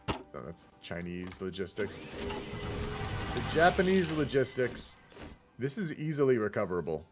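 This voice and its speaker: A man giving casual, rambling commentary on a strategy game replay and chatting with his viewers. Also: on the low side. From United States. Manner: rambling, chatty, talks to the chat. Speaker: game caster.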